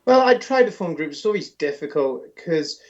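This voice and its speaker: A man from Britain telling stories in an interview as a paranormal author, animated and rambling with restarts. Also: fairly high pitch, moderate pace, muffled recording. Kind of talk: interview storytelling.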